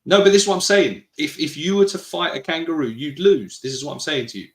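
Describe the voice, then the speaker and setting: A British co-host with a high-ish voice talks fast with lively intonation in an echoey room. Casually reading live chat on the podcast, he teases and argues with his co-host and laughs often.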